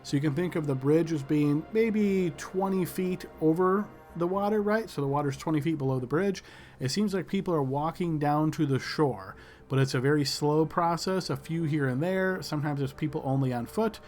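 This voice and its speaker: A man narrating a tabletop game as game master, descriptive and unhurried with many fillers. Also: on the high side, a little mellow, soft background music.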